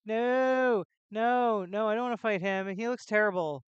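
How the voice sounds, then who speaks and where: A woman's voice: a little high, unhurried, clean tone, no room sound, lo-fi sound. A woman live-streaming a game, chatting with jokes and self-deprecating asides into a close desk mic. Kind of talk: casual gameplay live stream.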